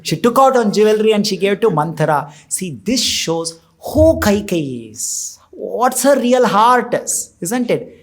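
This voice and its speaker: A man teaching scripture, reciting Sanskrit verses and explaining them with lively storytelling. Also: high-pitched. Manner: animated storytelling with fillers. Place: temple hall.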